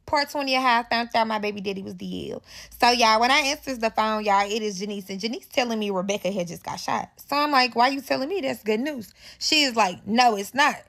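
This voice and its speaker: A young woman with a St. tells a serialized storytime in an animated, profane way, often addressing listeners as y'all. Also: a little high, a little fast, vocal fry, hardly any pauses. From St. Louis, Missouri.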